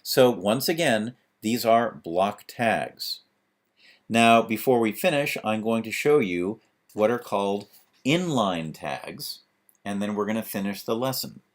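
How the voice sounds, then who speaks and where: A man's voice: on the low side, lively intonation, measured pace. A man teaching a screencast lesson on web pages, talking through each step as he types, with fillers. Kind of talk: screencast tutorial.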